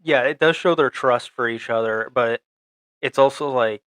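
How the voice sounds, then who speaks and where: A man's voice: mid-range voice, fairly bright tone, clear, resonant tone, no room sound. Rambling young man recapping a show. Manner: rambling, halting, many fillers and restarts. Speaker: podcast co-host. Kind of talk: casual podcast recap.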